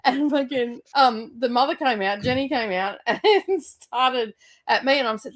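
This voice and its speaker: Brief: woman host in her thirties, slightly high, casual and salty storyteller who laughs a lot. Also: animated, a little slow. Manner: swears freely, laughs through her stories.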